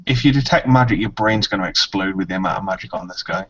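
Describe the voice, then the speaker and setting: A man's voice: low-pitched, quick pace, fairly bright tone, husky, highs cut off. A man playing his dwarf character in a tabletop game, stammering and repeating words as he talks. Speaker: player.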